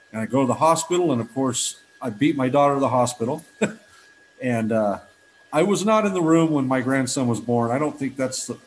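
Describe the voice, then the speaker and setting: A man's voice: mid-range voice, a little hiss or hum, rough recording. A man in his fifties giving a heartfelt personal testimony at a recovery meeting, telling stories earnestly with frequent restarts.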